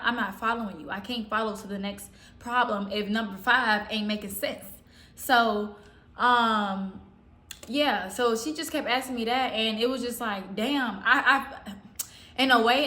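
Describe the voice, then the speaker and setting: A woman from the Southern US telling a story casually in a slangy, rambling way with animated quotes. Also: a little high. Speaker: storytime vlogger. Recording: roomy echo.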